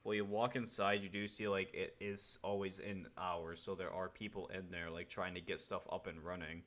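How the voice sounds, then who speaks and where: Very low-voiced young man narrating a game. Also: level tone, normal speed, fairly bright tone. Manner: hesitant, many fillers and restarts. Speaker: game master.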